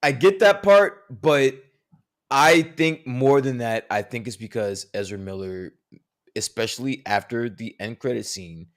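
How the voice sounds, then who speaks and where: Here is a man with a mid-range voice, co-hosting a casual podcast chat. He is animated and provocative, and he swears a lot. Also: mid-range voice, a little slow. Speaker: podcast co-host.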